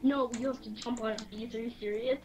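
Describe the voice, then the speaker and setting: A woman's voice: fairly high pitch, fairly even intonation, brisk, darkish tone. A woman chatting playfully and teasing her friend while playing a game. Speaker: Roblox player. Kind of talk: casual gameplay chat. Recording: noisy background.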